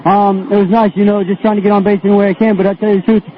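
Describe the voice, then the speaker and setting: A man, a baseball player, answering post-game interview questions with frequent fillers. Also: high-pitched. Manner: flat, quick, with um fillers. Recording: tinny radio broadcast.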